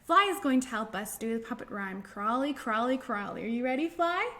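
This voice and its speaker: A woman leading a children's storytime, reading aloud and doing finger rhymes in a gentle, sing-song way. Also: on the high side, expressive. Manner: slow, gentle, sing-song with frequent laughs. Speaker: children's librarian.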